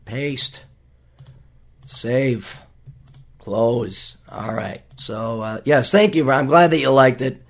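A Minnesota man hosts his own podcast, delivering a casual solo monologue that's sarcastic, ranty and full of free swearing, with mocking voices whenever he quotes people. He speaks slowly at a medium pitch, creaky and pausing often.

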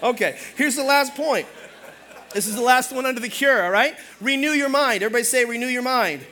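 A middle-aged male pastor preaching a sermon in an animated, humorous way, calling out for amens. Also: very high-pitched, a little fast.

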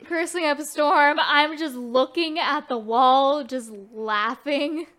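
A woman co-hosting a casual video game review podcast who chimes in with relaxed asides. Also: high voice, takes it slowly. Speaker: podcast co-host.

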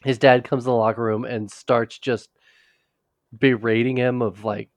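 A man's voice: mid-range voice, level tone, normal speed, dry recording. A man co-hosting a podcast, casually recapping a TV episode in a rambling way, with frequent restarts. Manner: rambling, restarts often, quotes characters in passing. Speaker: podcast co-host.

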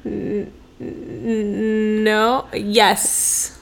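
A woman's voice: mid-range voice, flat delivery, extremely slow, creaky. A woman co-hosting a podcast in casual chat, curious and teasing, asking questions about the story. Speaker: podcast co-host.

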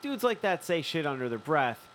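Profane, animated male storyteller. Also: on the high side, normal speed, slight background noise, low-quality recording. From Philadelphia. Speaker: podcast host telling a story. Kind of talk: casual chat.

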